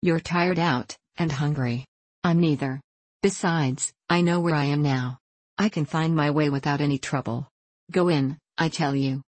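A woman reading aloud, voicing a proud, stubborn young woman who speaks crisply and coldly. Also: low voice, fairly even intonation, measured pace, darkish tone, dry recording. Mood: imperious. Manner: crisp, cold and haughty.

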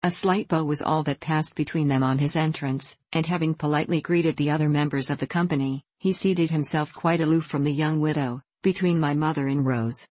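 A woman narrating a classic novel as an audiobook reader, measured and even. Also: sits low, dry recording.

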